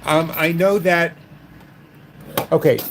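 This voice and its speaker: A man's voice: fairly high pitch, steady tone, slow pace, slight background noise. A man hosting a livestream from a gaming club, chatting casually and joking with viewers. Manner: wry, joking with chat. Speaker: livestream host.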